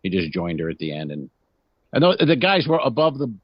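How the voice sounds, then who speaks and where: Over a video call, a man co-hosting a comedy podcast teases and jokes around, acting out movie lines in goofy voices. His lowish, breathy voice swings widely in pitch at a brisk pace, and the recording sounds dry and dull.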